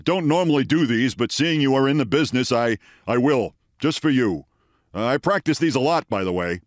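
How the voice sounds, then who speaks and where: A man putting on a gruff, blunt older man with a Brooklyn accent, as in a told anecdote. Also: medium pitch, animated, brisk, no echo, studio quality, lightly acted. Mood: proud.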